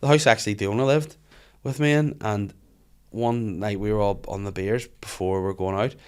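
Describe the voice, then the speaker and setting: A man with a lowish voice hosts a casual podcast. He tells his stories with animated energy, peppering them with swearing. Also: moderate pace, clear, resonant tone. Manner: animated storytelling, frequent swearing. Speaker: podcast host.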